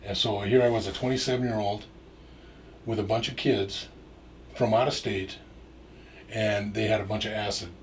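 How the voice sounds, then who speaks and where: With a fairly low, steady voice at normal speed and frequent pauses, a middle-aged Minnesotan storyteller guest relates a long, rambling casual anecdote. It's full of fillers and restarts, with some swearing, and the distant mic adds faint noise.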